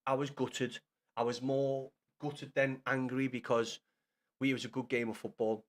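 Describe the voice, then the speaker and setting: A man's voice: medium pitch, level tone, normal speed. A young man chatting casually with his live-stream viewers in blunt, sweary banter. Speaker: livestreamer.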